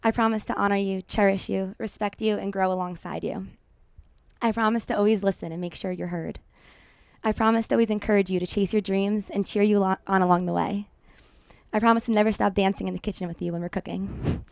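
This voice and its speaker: A young American bride reads her wedding vows in a tender voice, close to tears. Her voice has a gravelly fry, picked up close and dry. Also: medium pitch, steady tone, brisk, no echo. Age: young adult. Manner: tender, emotional reading. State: teary.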